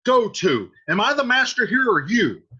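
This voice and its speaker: A man's voice: high voice, animated, moderate pace, pushed and bright, breathy edge, dull audio, pitched above the performer's own voice, exaggerated voice. A man voicing a commanding older head of a household who scolds a younger relative with authority. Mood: scolding.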